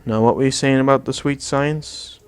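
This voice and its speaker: A man voicing a boozy male Irish barfly who spins tall tales, in a slow, theatrical put-on Irish brogue. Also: mid-range voice, steady tone, clear, resonant tone, natural voice. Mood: blarney.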